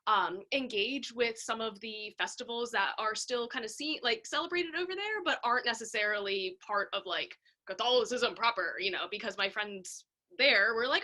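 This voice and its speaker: A woman's voice: fairly high pitch, expressive, normal speed, pushed and bright. A woman hosting a casual interview, talking in a bubbly, self-deprecating way with lots of fillers. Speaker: podcast host.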